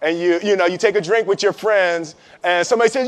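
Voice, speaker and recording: A man's voice: sits high, a little fast, lo-fi sound. A man telling a story with lots of laughter, acting out what people say and often repeating his words. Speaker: speaker giving life advice. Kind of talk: animated storytelling with acted-out quotes.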